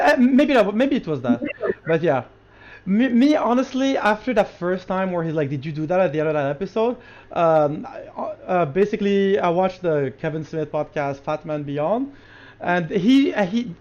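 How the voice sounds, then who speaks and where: A high-voiced man co-hosting a podcast, jumping in eagerly and tripping over the first sounds of his words. His voice comes through a dull, lo-fi microphone. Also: expressive, normal speed, a little mellow. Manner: eager, stumbles over word starts. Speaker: podcast co-host. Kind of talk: casual chat. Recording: dull lo-fi mic.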